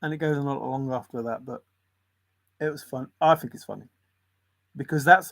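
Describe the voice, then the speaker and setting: A man's voice: medium pitch, brisk, gravelly, long pauses, fairly bright tone. A man in a casual, rambling monologue, musing in a conspiratorial tone and often chuckling. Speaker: channel host.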